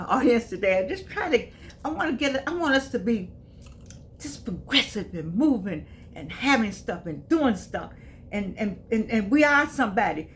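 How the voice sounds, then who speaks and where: An older woman in her eighties talks in a loose, folksy way. She restarts her sentences and then presses her points home with emphasis. A faint hiss runs underneath her voice. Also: mid-range voice. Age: 80s. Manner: folksy, repeats herself, emphatic. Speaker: vlogger. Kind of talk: casual spoken reflection.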